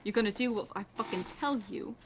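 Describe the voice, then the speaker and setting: A woman's voice: on the high side, fairly quick, slight background noise, close to an everyday voice. A woman playing a foul-mouthed threatening cop. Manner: menacing, swearing, pushy.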